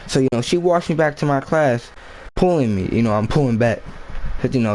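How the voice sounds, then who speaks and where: A man's voice: mid-range voice, brisk, a little mellow, a little hiss or hum, low-quality recording. A man telling a school story in a rambling, slangy, casual storytime vlog. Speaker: vlogger.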